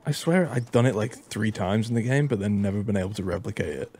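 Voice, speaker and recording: A man giving excitable gameplay commentary, joking and exclaiming as he plays. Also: on the low side, quick pace, slight background noise. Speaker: gaming YouTuber.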